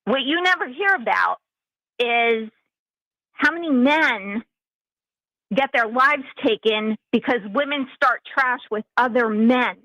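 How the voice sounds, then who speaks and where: Female caller, slightly high voice, forceful and emphatic, dry sound. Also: takes it slowly, dry recording, poor audio. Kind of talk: call-in commentary.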